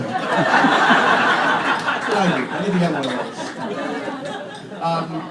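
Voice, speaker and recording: A man in his thirties doing a stand-up comedy set in a comedy club, with deadpan delivery and crude punchlines. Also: a little high, takes it slowly, pauses often, over a noisy crowd. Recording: echoey club from far off. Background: audience laughter and room noise.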